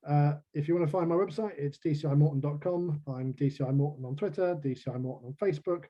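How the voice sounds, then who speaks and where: Man, brisk chatty talk, self-deprecating, muffled video-call sound. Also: fairly high pitch. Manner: chatty, self-deprecating, laughs at his own jokes. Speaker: crime novelist guest. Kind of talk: casual video-call chat.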